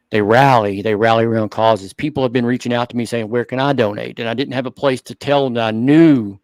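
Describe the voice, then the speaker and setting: A man co-hosting a hobby talk show, speaking earnestly and thinking out loud in casual chat. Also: mid-range voice, no echo. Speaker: show co-host.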